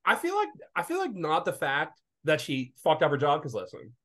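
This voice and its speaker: A man in his late twenties, sick and a bit congested, co-hosting a casual podcast with animated, profane storytelling. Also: fairly high pitch, moderate pace. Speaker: podcast co-host. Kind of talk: casual chat.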